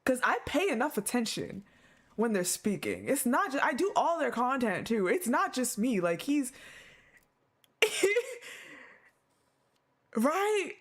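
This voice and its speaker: A woman's voice: a little high, huge pitch swings, normal speed, husky. A woman streaming her reaction to a game, reading the story aloud and laughing a lot. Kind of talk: casual live reaction.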